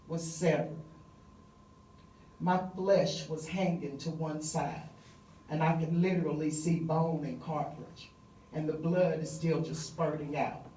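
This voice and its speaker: A middle-aged woman telling a personal story live on stage, vivid and conversational with frequent pauses and fillers. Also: deep voice, fairly even intonation, darkish tone, roomy sound, far from the mic, slight background noise, poor audio.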